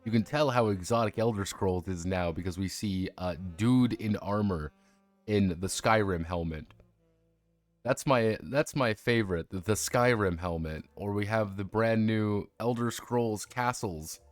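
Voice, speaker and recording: A man's voice: lowish voice, a little slow, no room sound, soft background music. A man casually chatting on a livestream about tabletop role-playing games, rambling and self-mocking with frequent restarts. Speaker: streamer discussing tabletop games.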